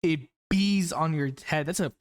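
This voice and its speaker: A man giving an album reaction, excitable and rambling, often exclaiming and swearing as he talks. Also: a little high, normal speed. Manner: rambling with many fillers and restarts. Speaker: music reviewer. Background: the album playing faintly behind him.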